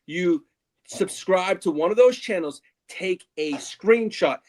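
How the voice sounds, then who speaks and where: A man on a stream, out of breath, quickly and upbeat plugging a giveaway. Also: sits high, lively intonation. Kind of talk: casual chat.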